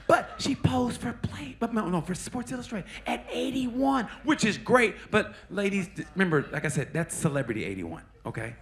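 A man working a comedy club crowd with a stand-up set. His voice sits high and swings wildly up and down. It has a gravelly, fry-laced edge as he swears and calls out people in the audience. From Oklahoma, USA. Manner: animated, profane, crowd-addressing with quick put-on quotes.

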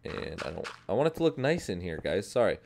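A man's voice: lowish voice, sing-song, fast, vocal fry, darkish tone. A young man casually narrating his own gameplay as a video host, rambling upbeat and often correcting himself. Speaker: gaming channel host. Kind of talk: casual Minecraft let's play commentary.

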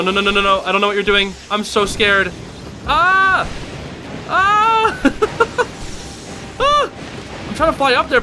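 A man's voice: high-pitched, pushed and bright. A young man giving casual live commentary while playing a video game, yelping and laughing under pressure and saying dude and bro. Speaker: gaming channel host. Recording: game music behind voice. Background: game music.

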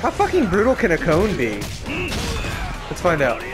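A man's voice: high-pitched, moderate pace. A young man giving casual let's-play commentary over a game, swearing freely and yelping or laughing at what happens on screen. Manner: excitable, swears a lot, yelps and laughs at the game. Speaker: gameplay streamer. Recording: game music underneath.

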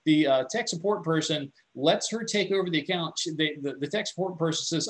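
A man's voice: on the high side, brisk, hardly any pauses, low-quality recording. A man presenting on cybersecurity in a conversational, loose way, often restarting his words as he tells stories. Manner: conversational, repeats and restarts words, animated storytelling. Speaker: security presenter. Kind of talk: informal tech webinar lecture.

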